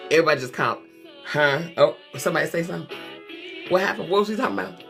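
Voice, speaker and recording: A middle-aged woman hosts a casual livestream and talks straight to her viewers in a lively, sassy voice. She tells stories with lots of laughter, and faint music plays behind her. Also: low-pitched, fast, gravelly. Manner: animated, sassy storytelling with frequent laughs; talks straight to viewers with endearments like honey and child. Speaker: therapist hosting a live show.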